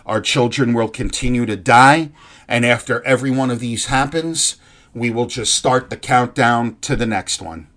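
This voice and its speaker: A man's voice: medium pitch, moderate pace, a bit bright. Angry profane man ranting. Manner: angry, profane, rambling with restarts; earnest and heartfelt. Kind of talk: impassioned ranting monologue.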